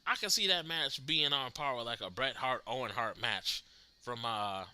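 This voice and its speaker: With a smooth mid-range voice at normal speed, a man hosts a live wrestling reaction stream, chatting with viewers in an easygoing, animated manner and laughing often.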